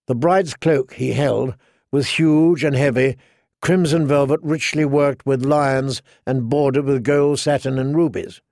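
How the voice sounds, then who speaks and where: Guy reading a fantasy audiobook, steady and measured, medium voice, dead dry close mic. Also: medium pitch, no echo. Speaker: audiobook narrator. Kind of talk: scripted fantasy audiobook narration.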